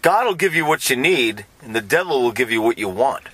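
Animated, bright-voiced male podcast host. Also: mid-range voice, a little fast, breathy edge, no echo. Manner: animated, laughs often, jokey. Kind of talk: casual Christian podcast chat.

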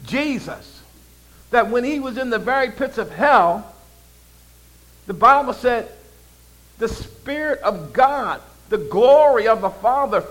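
Male pastor, high voice, call-and-response preaching, shifts from loud proclaiming to quiet asides. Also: low-quality recording. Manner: swings between loud proclaiming and low conversational asides. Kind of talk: sermon.

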